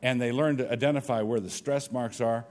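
A man leading a workshop for teachers and taking questions, talking in a halting way with frequent restarts. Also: mid-range voice, steady tone, a little mellow. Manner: halting, restarts, thinks aloud. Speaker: teacher trainer. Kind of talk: workshop talk with Q&A. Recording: long reverb of a hall.

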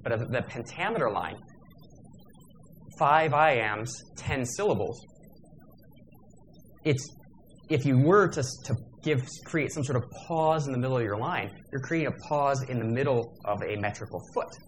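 A man's voice: mid-range voice, expressive, measured pace, long pauses, slight background noise. A man giving a workshop lecture in a discursive, digressive manner, with fillers and self-corrections.

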